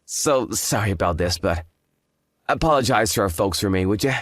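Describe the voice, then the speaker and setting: Male actor, arrogant hungover fiancé, condescending drawl, lively intonation. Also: fairly low pitch, moderate pace, no echo, lightly acted. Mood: dismissive. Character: smug hungover young fiancé, arrogant and dismissive. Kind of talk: dramatized story voice acting.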